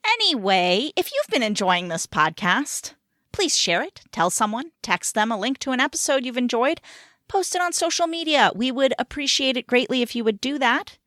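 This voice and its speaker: A woman's voice: high-pitched, lively intonation, normal speed, sharp tone, no echo, clean studio sound. Woman co-hosting a chatty podcast. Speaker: podcast co-host. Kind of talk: casual podcast chat.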